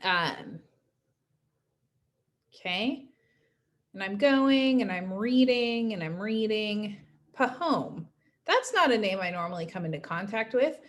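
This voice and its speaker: A woman's voice: medium pitch, animated, slow, pauses often. A woman teaching a class in a casual recorded lecture, chatty and often adding "right?" to check in with her students. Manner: chatty, frequent "right?" tags.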